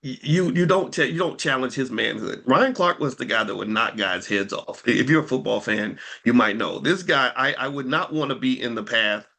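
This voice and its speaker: Bright-voiced man firing rhetorical questions. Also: medium pitch, moderate pace, gravelly, few pauses. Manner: animated and rhetorical, stacking pointed questions, repeating words as he restarts. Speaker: commentator. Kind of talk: unscripted commentary to viewers.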